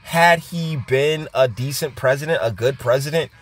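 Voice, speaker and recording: A man's voice: medium pitch, normal speed. A man hosting a casual reaction commentary, rambling and blunt, with slang and many fillers. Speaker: host.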